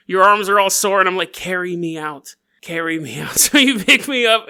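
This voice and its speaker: Guy hosting a podcast, bright voice, bouncy and animated, jokey storytelling. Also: high voice, smooth. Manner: playful, jokey, quick asides. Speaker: podcast host. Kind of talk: casual comedic storytelling.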